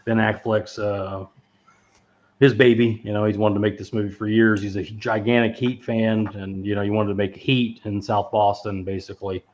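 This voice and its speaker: A man's voice: fairly low pitch, level tone, moderate pace, darkish tone, muffled recording. A man co-hosting a casual movie podcast who rambles, swears freely and laughs often as he talks. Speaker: podcast co-host. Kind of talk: casual movie review chat.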